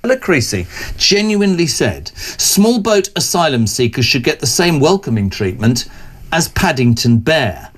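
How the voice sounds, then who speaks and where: A male presenter with a notably high voice, holding forth on a panel discussion. He rants with heated conviction and drops in sarcastic asides. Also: sing-song, normal speed. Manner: impassioned, sarcastic ranting. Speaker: talk show presenter.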